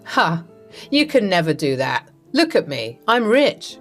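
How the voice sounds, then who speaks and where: A woman's voice: lowish voice, very animated, measured pace, soft background music. A woman voicing a cold, arrogant wealthy husband who mocks his wife in a dismissive way. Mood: jeering. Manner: mocking, dismissive.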